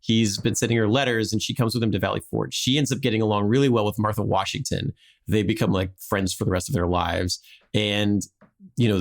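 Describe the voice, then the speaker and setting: A man's voice: fairly low pitch, gravelly. A man hosting a podcast, telling a history story in a rambling, casual way with frequent restarts and laughs.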